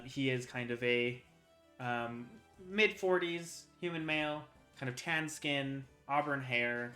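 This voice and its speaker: Game master: a man with a bright voice, halting narration, faint music behind. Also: mid-range voice. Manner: halting, lots of ums and likes.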